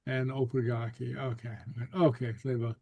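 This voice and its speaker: A man's voice: medium pitch, normal speed, creaky, dry recording, lo-fi sound. Guy teaching a class on a video call, laid back, lots of okays, dry close sound. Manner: relaxed, full of fillers and repeated okays. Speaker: Gaelic teacher.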